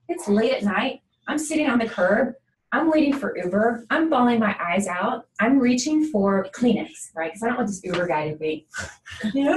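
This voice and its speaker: A woman hosting a talk show, telling a candid and emotional personal story and often checking in with "right?". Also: on the high side. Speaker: podcast host. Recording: echoey room, mic at a distance, faint noise.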